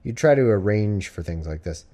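Casual male streamer, lowish voice, reads scripture and riffs on it with sarcastic, rambling asides. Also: expressive, moderate pace, mellow. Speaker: live-stream host. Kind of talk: casual scripture reading with commentary.

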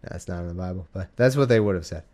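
A man's voice: low voice, quick pace, a little mellow. Drowsy man riffing on scripture. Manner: joking asides, mock-dramatic quotes. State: drowsy, sleepy. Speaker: casual Bible reader. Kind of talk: irreverent casual reading with commentary. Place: warm room at home.

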